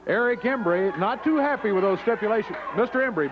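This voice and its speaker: A man hosting a wrestling TV show, calling the action and interviewing a wrestler in an excitable manner. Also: high-pitched, quick pace, few pauses. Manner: excitable, reads stipulations aloud. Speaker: wrestling TV host and commentator. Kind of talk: play-by-play commentary and interview. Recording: lo-fi early-90s TV broadcast with crowd noise.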